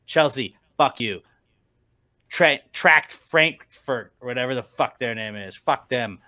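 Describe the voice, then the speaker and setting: Young podcast co-host, bright tense tone, angry swearing fan venting. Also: male voice, mid-range voice, a little slow. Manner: angry, profane ranting about his football team. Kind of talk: casual podcast rant.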